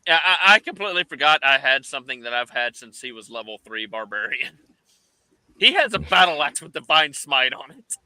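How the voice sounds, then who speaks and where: Bright-voiced man, chuckling. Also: medium pitch, big pitch swings, brisk, smooth, dry recording, low-quality recording. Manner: laughs between sentences. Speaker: tabletop game player. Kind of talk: casual gaming chat.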